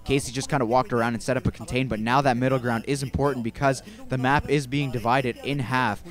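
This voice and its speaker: A man's voice: mid-range voice, fast, faint music behind. A young man giving casual, rambling play-by-play commentary on a video game match as an amateur caster, often correcting himself mid-sentence. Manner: rambling, relaxed, self-correcting.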